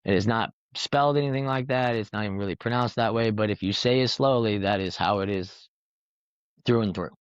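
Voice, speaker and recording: Male podcast host, low voice, profane rambling storyteller, dull lo-fi sound. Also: fairly quick, smooth, no room sound. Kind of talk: casual storytelling chat. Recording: dull lo-fi recording.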